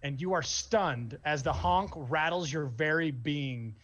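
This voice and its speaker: A man's voice: on the high side, a little slow, a bit bright, muffled recording. Casual man running a tabletop game. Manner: casual narration with frequent fillers. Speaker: game master.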